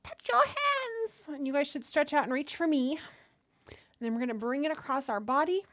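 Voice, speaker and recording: A woman's voice: sits high, fairly quick, dry recording, studio quality. A woman hosting a casual livestream, talking viewers through stretches, swearing casually and greeting people from the chat, seated at a table with a desk microphone. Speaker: livestream host. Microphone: desk microphone close by.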